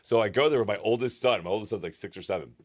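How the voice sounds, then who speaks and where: A man co-hosting a casual chat show, telling animated stories quickly and swearing freely. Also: fairly low pitch, no echo, studio quality. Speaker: podcast co-host.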